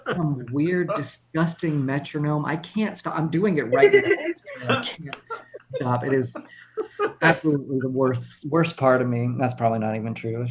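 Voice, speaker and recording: Texas guy in his 30s doing standup on a video call, bit of vocal fry, keeps cracking up at himself. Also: fairly high pitch. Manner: self-deprecating, laughs at his own jokes. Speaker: stand-up comedian. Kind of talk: stand-up comedy set.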